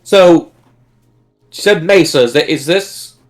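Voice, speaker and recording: A man's voice: on the high side, unhurried, soft background music. A man playing a tabletop game, talking plans through plainly. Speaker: player. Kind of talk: casual tabletop game chat.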